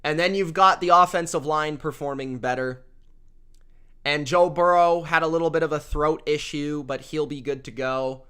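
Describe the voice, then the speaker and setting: A young man hosting a casual sports picks show, excitable and repeating himself for emphasis. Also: a little high, normal speed, smooth. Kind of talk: casual sports prediction talk.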